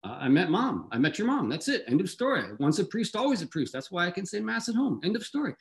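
A man voicing his father, a curt and evasive former priest, in a hushed manner. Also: high voice, big pitch swings, fast, pitched above the performer's own voice. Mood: secretive.

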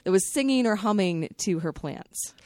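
A woman hosting a podcast in casual chat, chatty and quick to laugh as she tells anecdotes. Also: medium pitch, animated, warm tone, dry recording, clean studio sound. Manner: chatty, laughs often while telling anecdotes. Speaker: podcast host.

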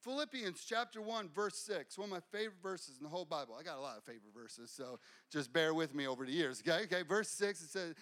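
A man's voice: fairly high pitch, quick pace, a bit bright. A man preaching a sermon as pastor, fervent and repeating phrases for emphasis.

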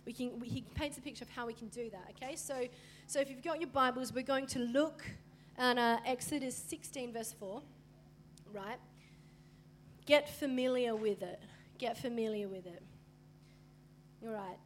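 A young woman with a high, bright voice preaches to her congregation. She talks in a lively, conversational way and slips into dramatized voices for the people she quotes. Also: moderate pace, slight background noise. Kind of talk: sermon.

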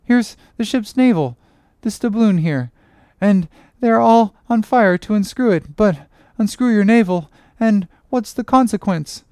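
A woman's voice: medium pitch, animated, unhurried, hardly any pauses, warm tone, no room sound, clean studio sound, natural voice. A woman voicing a crazed young cabin boy in an audiobook, chanting and rambling in a sing-song way. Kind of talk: audiobook character reading.

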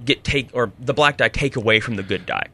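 Man, tabletop player, bright voice, eager, laughing. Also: a little fast. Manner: laughing, eager pitching of ideas. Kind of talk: tabletop game chat.

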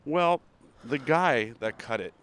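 A man in a casual walking chat, quizzing his friend playfully and drifting into rambling anecdotes. His voice sits in an ordinary middle pitch. It is recorded outside on a city street. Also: lively intonation, slow, a bit bright. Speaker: podcast co-host.

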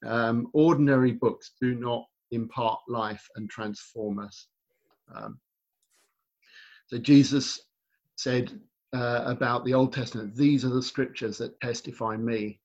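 A man preaching to a congregation, retelling a story in an unhurried, halting way full of ums and restarts. His voice sits at a middle pitch, and the recording sounds somewhat dull and lo-fi. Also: fairly even intonation, darkish tone. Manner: hesitant, many fillers and restarts. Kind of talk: sermon storytelling.

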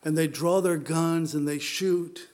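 Man, middle-aged, slightly high voice, casual sermon, storytelling, from Southern California. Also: steady tone, measured pace, a little mellow. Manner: conversational, storytelling, many fillers. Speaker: pastor. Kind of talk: sermon with personal stories.

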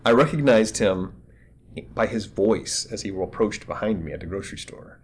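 A man's voice: lowish voice, animated, normal speed, a little hiss or hum. A man chatting casually on a podcast, rambling through anecdotes and acting out the voices of the people he quotes. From Los Angeles area. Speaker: podcast host. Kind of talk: casual chat.

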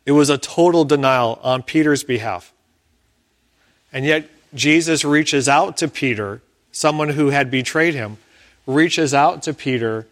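Pastor guy preaching slow and careful, bit of a higher voice, lots of pauses. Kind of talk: sermon.

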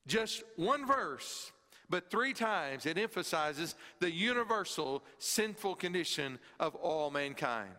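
A man's voice: fairly high pitch, big pitch swings, slow pace. Emphatic male preacher in a reverberant hall. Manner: emphatic preaching, rising to loud stress on key words. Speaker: pastor. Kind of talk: sermon. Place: church sanctuary, also filmed. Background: congregation present.

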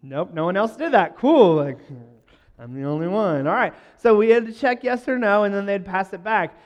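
A man's voice: high-pitched, lively intonation, moderate pace, long reverb tail. A man telling self-deprecating stories to a live audience, with joking asides and laughter. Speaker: speaker addressing a live audience. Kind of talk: humorous talk to a crowd.

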